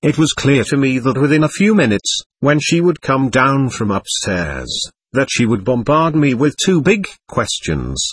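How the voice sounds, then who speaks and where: Husky man reading a memoir. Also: medium pitch, very animated, a little slow, few pauses, no room sound. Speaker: narrator of a personal story. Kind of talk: reading a first-person memoir aloud.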